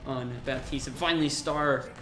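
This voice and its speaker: A young man casting a college esports match, excitable and jokey, rising to shouts in the big plays. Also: medium pitch, normal speed, echoey room. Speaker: esports caster. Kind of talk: play-by-play commentary.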